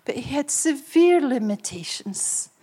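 An older woman, preaching and telling personal stories in a lively way, chuckling often. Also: high-pitched, a little slow, slightly rough. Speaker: speaker and couple therapist. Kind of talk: preaching with storytelling.

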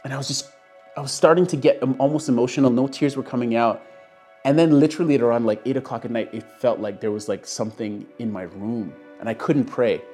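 A man's voice: medium pitch, steady tone, quick pace, dark tone, faint music behind. A young man casually telling a personal story, acting out the voices of the people he quotes. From Canada. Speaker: guest telling his story.

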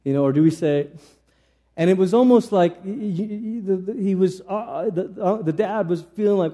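Male pastor, fairly high warm voice, earnest sermon delivery, restarts, sudden emphatic swings. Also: moderate pace. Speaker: preacher. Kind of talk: conversational sermon.

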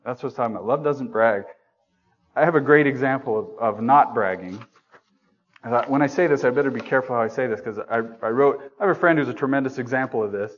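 A man's voice: medium pitch, fast talker, highs cut off. A man preaching a sermon in a church room, talking conversationally, asking the congregation questions and joking at his own expense. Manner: self-deprecating humor.

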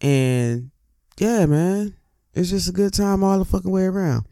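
Dude ranting about smoke etiquette, gravelly and kinda dark, lotta cussing, dry close sound. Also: male voice, sits high, a little slow, no room sound. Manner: profane, rambling, animated asides. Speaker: cannabis vlogger. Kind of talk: casual rant to camera.

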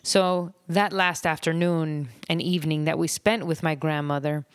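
A woman hosting her own podcast, talking in a reflective, rambling way with soft laughs and long pauses, unedited. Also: deep voice, fairly even intonation, clear, resonant tone, no room sound, studio quality. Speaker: podcast host. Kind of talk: unedited personal podcast monologue.

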